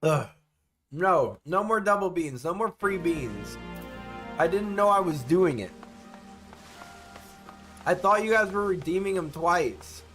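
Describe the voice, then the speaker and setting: Casual male streamer, animated and exasperated, fairly high voice, light music under him. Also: measured pace, long pauses. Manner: animated, exasperated, talks to chat. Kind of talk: casual live-stream chat.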